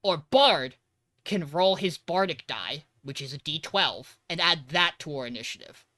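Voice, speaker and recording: A man's voice: on the high side, animated, unhurried, pushed and bright, dry recording. A man co-hosting a podcast, casually retelling a tabletop game session and acting out quoted lines. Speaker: podcast co-host. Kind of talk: casual storytelling recap.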